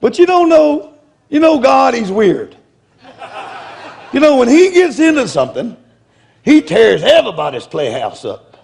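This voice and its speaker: A man's voice: very high-pitched, sing-song, measured pace, creaky, long pauses, darkish tone. A man preaching in a humorous storytelling style, blunt and self-mocking, often laughing as he talks. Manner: blunt, confrontational delivery.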